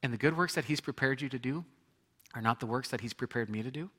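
A man's voice: mid-range voice, quick pace, pushed and bright. A man preaching a sermon as pastor, conversational, with repetitions and asides to the congregation.

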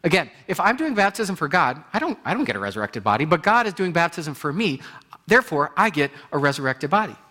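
A man preaching a sermon in an animated way, acting out inner voices and repeating phrases for emphasis. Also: a little high, quick pace. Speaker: pastor.

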